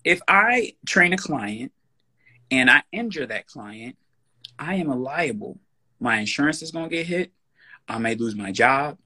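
A man's voice: medium pitch, animated, a little slow, pushed and bright, husky. A man speaking as a guest in a casual podcast conversation, emphatic, blunt and profane. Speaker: personal trainer.

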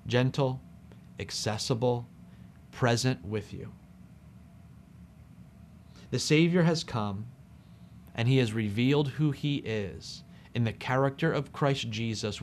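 Expressive man preaching a sermon. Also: mid-range voice, slight background noise. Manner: expressive, emphatic, drops soft on key phrases.

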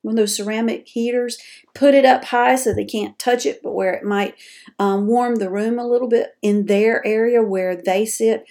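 A woman's voice: fairly high pitch, fairly even intonation, moderate pace, creaky, warm tone. A woman hosting a caregiving podcast, giving chatty, direct advice to listeners. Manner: chatty and direct, addresses listeners as folks and y'all. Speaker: podcast host, dementia caregiving advisor. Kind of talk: folksy advice talk.

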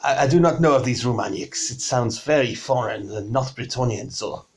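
A man's voice: mid-range voice, rapid-fire, lightly acted. A man voicing a snooty male tavern keeper, with a broad, wobbly fake foreign accent and a haughty, formal manner.

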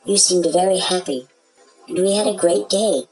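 A woman's voice: on the low side, moderate pace, darkish tone, husky, faint music behind, low-quality recording. A woman playing a concerned wife in a scripted comedy sketch, earnestly explaining herself to her husband. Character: devoted, puzzled wife in a skit.

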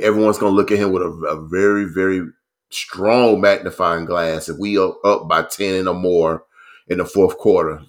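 Deep-voiced man talking sports casually. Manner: relaxed, lots of "you know" and "um". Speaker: podcast co-host.

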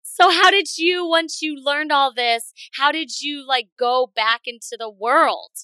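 Bright high-voiced woman host. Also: no echo, low-quality recording. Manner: engaged, quick reactions and questions. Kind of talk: casual interview chat.

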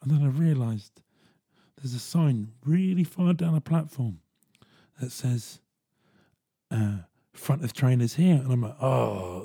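Husky, dry-voiced man telling a story. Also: medium pitch, no echo. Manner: chatty, animated retelling with quick voiced asides. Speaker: podcast host. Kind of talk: casual storytelling monologue.

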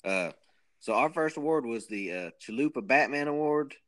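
A man's voice: medium pitch, animated, normal speed, a bit bright. Joking man hosting a podcast. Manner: joking, rambling, self-mocking. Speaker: podcast co-host. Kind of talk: casual chat.

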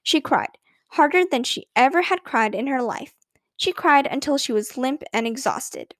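A woman narrating a children's story in an expressive reading voice. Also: sits high, normal speed, no room sound, clean studio sound. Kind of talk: scripted narration.

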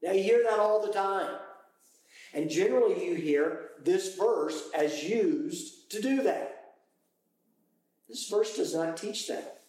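A British man leading a Bible study group, teaching with lively, animated explanations and sudden exclamations. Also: high-pitched, takes it slowly, long pauses. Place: room with a small study group. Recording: echoey, poor quality recording.

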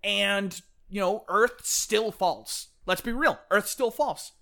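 A man co-hosting a casual podcast chat, animated, often acting out characters' lines. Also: high voice, vocal fry. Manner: animated, fast-talking enthusiast who acts out characters' lines. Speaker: podcast co-host. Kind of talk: casual chat about books.

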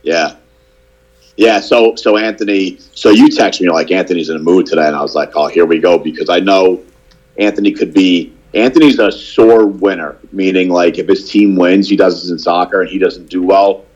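A man with a fairly low voice talks in a relaxed, rambling way over a video call. He often restarts his sentences and swears in passing, as if chatting with friends. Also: normal speed, highs cut off. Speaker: podcast co-host and youth football coach. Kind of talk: casual chat.

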